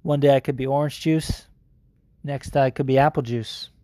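A man's voice: mid-range voice, fairly even intonation, moderate pace, warm tone, dry recording, studio quality. An American man hosting a podcast in casual chat, rambling, swearing freely and laughing easily. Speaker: podcast host.

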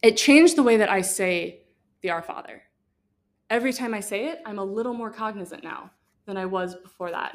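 A young woman giving a casual, earnest faith talk to students, talking freely with many fillers. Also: on the high side. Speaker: guest speaker.

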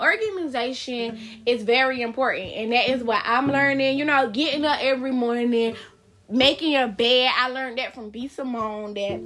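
A young woman hosts her own podcast solo, chatting informally and speaking directly to her listeners. Her voice is a little high with a fairly bright tone, and faint music sits behind it.

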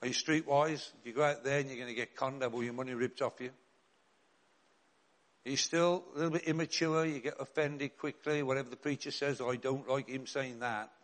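A man's voice: mid-range voice, fairly even intonation, fairly quick. An older man, a bishop and chaplain preaching a sermon in an earnest, direct way with rhetorical questions and repeated refrains.

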